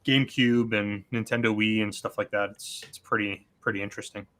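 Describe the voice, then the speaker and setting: A man's voice: fairly low pitch, little pitch movement, brisk, bright, forceful tone. A man co-hosting a casual live stream, talking in an easygoing, blunt way. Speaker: co-host.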